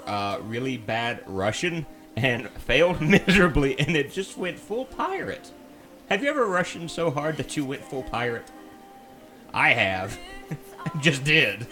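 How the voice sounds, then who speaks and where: A man's voice: medium pitch, pushed and bright. A man streaming a video game, chatting casually and mocking himself as he thinks aloud. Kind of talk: casual let's-play commentary.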